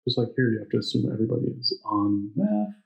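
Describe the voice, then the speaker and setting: A man's voice: medium pitch, big pitch swings, fast talker, creaky, lo-fi sound. Podcast cohost guy, jokey, laughs a lot, echoey room. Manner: joking, laughs often. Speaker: podcast co-host. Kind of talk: casual banter.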